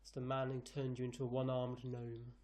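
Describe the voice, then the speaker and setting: A man running a tabletop game as its narrator, describing scenes in a wry, relaxed way. His pitch sits in the middle for a man. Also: brisk. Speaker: game master.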